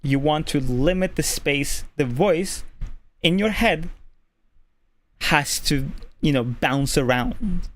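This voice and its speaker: Relaxed, chatty streamer with male-sounding voice. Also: on the high side. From Norway. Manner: relaxed, deliberately easy on the voice, lots of "like" fillers. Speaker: streamer giving voice tips. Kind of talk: casual explanatory chat. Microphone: desk microphone.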